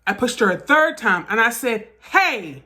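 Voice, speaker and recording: A woman vlogger telling a personal story in a casual storytime style, animated, profane and emphatic. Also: a little high, moderate pace, slight background noise.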